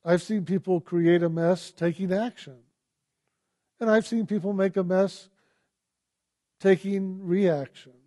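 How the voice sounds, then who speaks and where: Man, high voice, mellow tone, gentle questioning, spiritual teacher. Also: fairly even intonation, takes it slowly, pauses often. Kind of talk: reflective spiritual talk.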